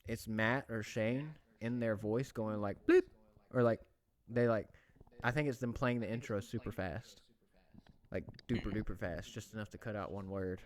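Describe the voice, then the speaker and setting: A man's voice: lowish voice, steady tone, normal speed. A man hosting a podcast in a casual, rambling chat with friends, sounding worn out for the day. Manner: laid-back, rambling, says he is worn out. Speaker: podcast host.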